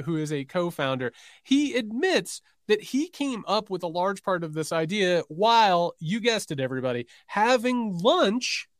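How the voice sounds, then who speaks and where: Animated, sarcastic man co-hosting a podcast. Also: high voice, dry recording, clean studio sound. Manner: sarcastic, reads quotes aloud with mocking emphasis. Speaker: podcast co-host. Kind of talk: political commentary podcast.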